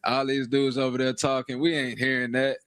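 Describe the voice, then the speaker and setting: A man, a boxer at a press event, talking trash with a calm, laid-back swagger and lots of "man" and "bro". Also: medium pitch, a little fast, no echo, studio quality. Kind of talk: confident trash talk. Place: press conference hall. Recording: noisy room with a loud crowd.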